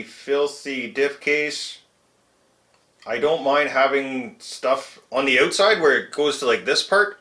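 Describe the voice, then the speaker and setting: A man's voice: medium pitch, pushed and bright, reverberant. A man hosting a casual hobby repair vlog, chatty and self-mocking, chuckling at his own mistakes while he works. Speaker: RC truck hobbyist channel host. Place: home shed workshop.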